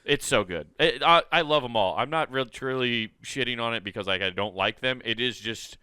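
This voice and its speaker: A man's voice: medium pitch, moderate pace, sharp tone, clean tone, no echo, studio quality. A man co-hosting a comedy podcast, rambling through casual banter and laughing often at his own jokes. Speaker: podcast co-host.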